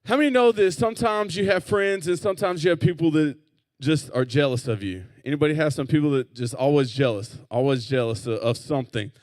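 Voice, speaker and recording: A man, a youth pastor, teaching a Bible story to teenagers in a relaxed, conversational way and getting them to repeat words back. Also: fairly high pitch, brisk, no room sound. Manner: casual, leads call-and-response with the group. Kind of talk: youth group Bible lesson.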